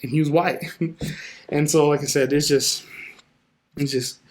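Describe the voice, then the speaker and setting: A man with a fairly high voice talks casually as a podcast guest. He tells stories with energy, slipping into the voices of the people in them. He speaks close to a podcast microphone. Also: unhurried. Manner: animated storyteller who acts out quoted dialogue. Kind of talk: casual conversation.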